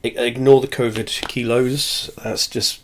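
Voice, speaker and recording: A man's voice: mid-range voice, level tone, unhurried. A man reviewing whiskey in a casual, rambling chat, self-deprecating and swearing offhandedly, sitting close to his camera at home. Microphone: camera very close to face.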